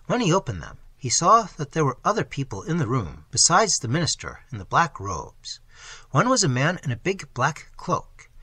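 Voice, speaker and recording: A man reading an old short story aloud as narration, with expressive, animated delivery. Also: a little high, breathy edge, no echo. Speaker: audiobook reader. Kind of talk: scripted narration.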